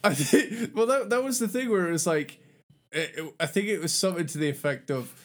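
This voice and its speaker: A man's voice: high-pitched, a little fast. A man co-hosting a music podcast in casual chat, telling stories with plenty of laughter. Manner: laughing, animated storyteller. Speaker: podcast co-host.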